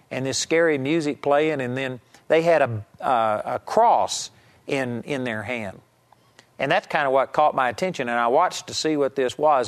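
A man preaching a televised sermon in a conversational, emphatic teaching manner, with asides to his viewers. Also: fairly high pitch.

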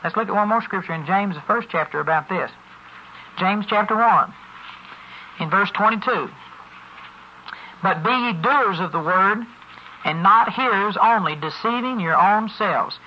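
A man's voice: high voice, a little slow, long pauses, bright, forceful tone, slight background noise. A man preaching a sermon in a folksy, storytelling way. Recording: muffled lo-fi recording.

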